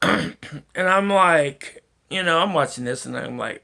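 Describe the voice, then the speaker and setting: A man's voice: on the high side, animated, slow, creaky, bright, forceful tone. A man rambling through a solo vlog monologue, swearing often and chuckling to himself. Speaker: vlogger.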